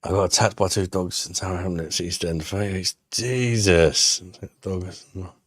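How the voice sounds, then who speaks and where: A man chats on a live stream, trading crude jokes and banter with his viewers. His voice sits low. The sound is close and dry, with no room around it. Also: steady tone, moderate pace, no room sound. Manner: banter-heavy, jokey and crude.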